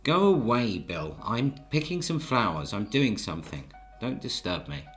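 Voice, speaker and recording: A small male field mouse, fed up and indignant with the bigger mice, as a man acts him out. The voice stays close to the narrator's own low register, with only a light change. Faint music plays behind this children's storybook reading. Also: very animated, moderate pace. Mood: exasperated. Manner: indignant, exasperated.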